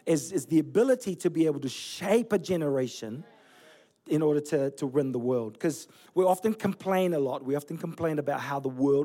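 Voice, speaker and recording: Animated storytelling pastor, man in forties. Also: on the high side, a little fast. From Fiji. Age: 40s. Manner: storytelling, animated, laughing at himself. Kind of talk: sermon. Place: church.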